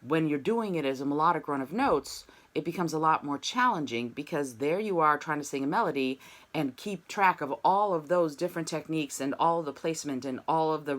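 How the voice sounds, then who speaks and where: A woman's voice: low voice, a bit bright. A woman voice teacher giving an online singing lesson over a video call, explaining technique and singing short demonstration syllables.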